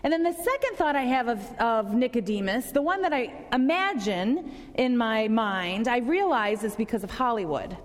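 A woman's voice: a little high, big pitch swings, moderate pace, big-room sound. A woman pastor giving a conversational sermon to a congregation, asking them questions.

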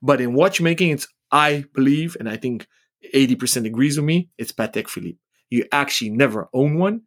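A man's voice: medium pitch, fairly bright tone. Opinionated middle-aged man talking shop. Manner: direct, opinionated, measured. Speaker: podcast co-host, watch retailer. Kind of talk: casual chat.

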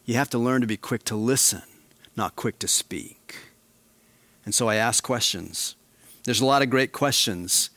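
A pastor delivers a sermon in a mid-pitched voice, shifting from hushed, drawn-out emphasis to animated, raised passages. The recording sounds dry and close.

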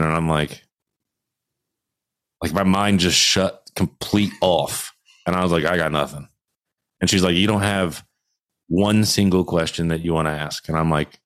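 A man with a very low voice tells a story on a podcast in a loose, animated way, swearing freely. The sound is dry and close. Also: no room sound. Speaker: podcast host. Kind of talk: casual podcast chat.

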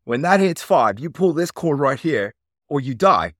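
A man's voice: on the high side, sing-song, moderate pace, dry recording, clean studio sound, voice pushed up. A man putting on a blunt Australian skydiving instructor. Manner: blunt, teasing.

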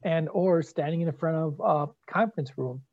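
A host in a casual interview, telling travel stories in a calm, reflective way. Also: mid-range voice, normal speed, no room sound. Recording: dull dry sound.

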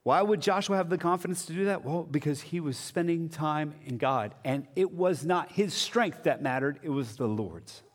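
Male pastor, conversational sermon delivery with quiet drops, light and high-ish voice, long reverb of a church hall. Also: normal speed, hardly any pauses.

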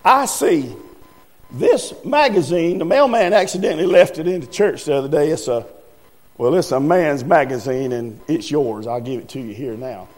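A man voicing a calm, shrewd older small-town preacher, talking slowly and teasing gently, in an echoey hall with faint music. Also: a little high, natural voice.

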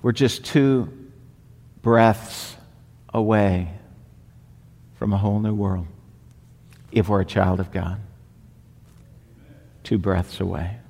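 A man preaching a sermon with slow, deliberate emphatic repetition. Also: lowish voice, steady tone, vocal fry, darkish tone. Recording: long hall reverb.

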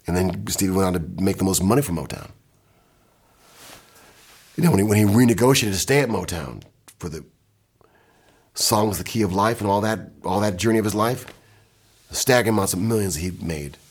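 An older man from Michigan with a very deep, husky voice tells animated stories. He speaks in quick bursts and casual talk, from an indoor recording studio. He sounds like a seasoned music producer. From Michigan, USA. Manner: animated anecdotes, quick bursts, mimics and scats.

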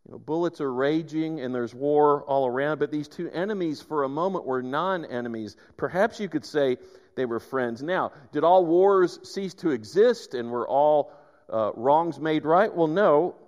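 Animated male preacher in a reverberant hall. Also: on the high side, normal speed, highs cut off. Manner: animated storytelling, frequent restarts. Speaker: pastor. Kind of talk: sermon.

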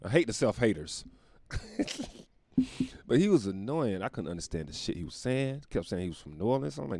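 A man's voice: on the low side, big pitch swings, fairly quick, vocal fry, warm tone, no room sound. A young man hosting a podcast from home, telling stories in a loose, profane, laughing way. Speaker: podcast host. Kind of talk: casual comedic storytelling monologue.

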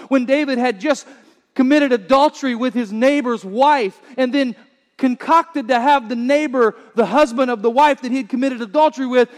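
A pastor delivering a sermon, preaching in an earnest, emphatic way. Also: male voice, very high voice, big-room sound.

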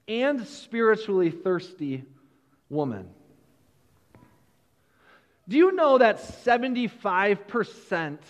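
A male preacher giving a sermon to a room of listeners, retelling a story in an animated way, with frequent restarts. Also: sits high, long reverb tail. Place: large room with an audience.

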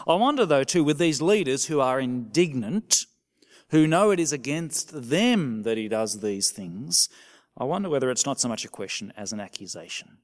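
A male minister preaching a sermon, asking the congregation questions and dropping to a soft voice at times. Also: a little high, a little slow. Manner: animated, questioning the congregation with sudden soft drops.

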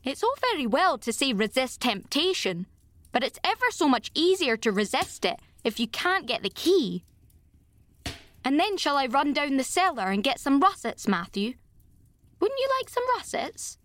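A woman's voice: high-pitched, sing-song, moderate pace, a bit bright. A woman reading an audiobook, voicing an imaginative, talkative girl who speaks effusively and dramatically. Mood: chatty.

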